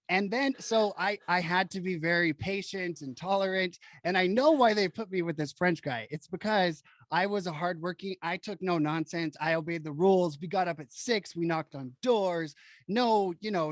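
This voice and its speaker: A man hosting a podcast who tells stories in an animated, frank and emphatic way. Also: high-pitched, no room sound. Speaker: podcast host. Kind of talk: casual storytelling chat.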